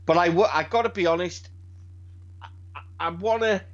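A high-pitched man from Britain talks in a loose, rambling way, swearing and stumbling over his restarts. The recording sounds dull and lo-fi. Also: normal speed. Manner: rambling, animated, swears freely, frequent restarts. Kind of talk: casual chat.

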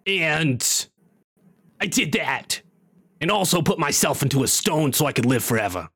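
A man doing a shrill wizard in a stone. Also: lively intonation, normal speed, vocal fry, fairly bright tone, slightly rough, heavily acted. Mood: whiny. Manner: high, whiny impression voice. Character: wizard trapped in a talking stone, loud and nasal.

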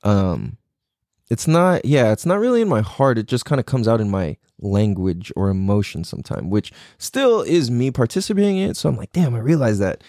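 A man's voice: mid-range voice, very animated, normal speed, mellow, no echo, studio quality. A man talking in a casual, reflective monologue, loose and profane, full of "like" and "you know".

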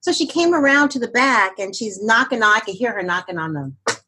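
A woman's voice: on the high side, animated, fairly quick, bright, forceful tone, a little hiss or hum, rough recording. An older woman telling a personal story in an interview, rambling with many fillers and restarts. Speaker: interview guest.

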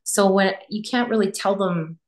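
A woman's voice: medium pitch, fairly even intonation, normal speed. A woman in her fifties, a podcast guest talking candidly in a casual chat and often trailing off mid-thought. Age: 50s.

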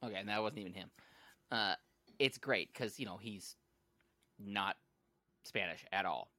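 Podcast co-host, male, bright forceful tone, dry close sound, jokey storyteller. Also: fairly low pitch, a little slow, dry recording. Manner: jokey, tells movie stories animatedly. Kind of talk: casual chat.

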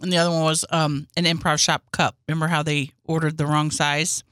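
A woman co-hosting a casual comedy podcast, chiming in with quick interjections and playful quote voices. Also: deep voice, flat delivery, a bit bright, no echo, studio quality. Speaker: podcast co-host.

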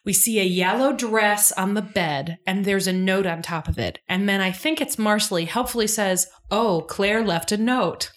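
A woman co-hosting a casual recap chat, animated, acting out characters' lines and laughing often. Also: medium pitch, moderate pace, hardly any pauses. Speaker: podcast co-host.

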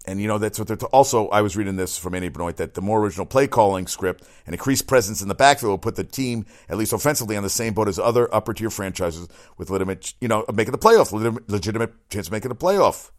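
A man hosting a solo sports podcast, talking in a rambling, excitable way with crude asides and frequent self-corrections. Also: lowish voice, fast talker, few pauses.

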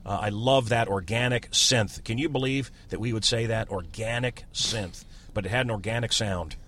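A man's voice: fairly low pitch, normal speed, a bit bright. A man, a radio host in casual chat, ranting and sarcastic. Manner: ranting, sarcastic, mocking voices.

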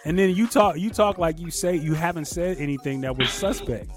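A man co-hosting a podcast, speaking with a slightly raised pitch. He argues emphatically and keeps restarting and repeating his words to hold the floor. Faint music runs behind him. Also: fairly quick. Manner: emphatic, repeats himself when cut off. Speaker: podcast co-host. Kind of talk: casual debate.

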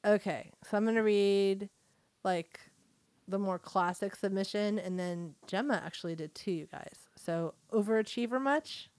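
A woman's voice: medium pitch, normal speed, a little mellow, no room sound. A woman co-hosting a casual podcast, giggly and chatty as she reads listener submissions aloud. Her voice sits in a middle register. The recording is dry and close. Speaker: podcast co-host.

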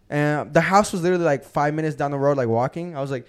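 A young man hosting a podcast, telling a profane, animated story and acting out the quotes in casual chat. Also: on the high side, racing, few pauses, clear, resonant tone. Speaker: podcast host.

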